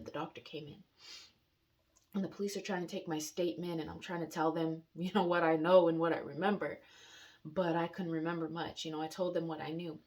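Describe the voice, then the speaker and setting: A young adult woman telling a personal story in a casual, rambling way, with restarts, pauses and the odd wry laugh. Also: on the low side. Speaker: vlogger sharing personal story.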